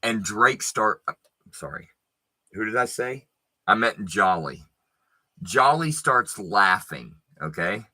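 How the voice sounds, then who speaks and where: A man spinning a personal story in a slow, deliberate, emphatic way, full of swearing. His voice is bright and forward, and he lets pauses hang between phrases. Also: fairly low pitch, expressive. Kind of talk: profane casual storytelling.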